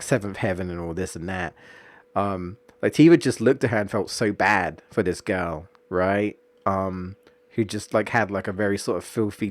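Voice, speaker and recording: A man's voice: on the low side, dry recording. A man, streaming and chatting casually, rambling with many fillers and restarts. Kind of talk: casual chat about a story.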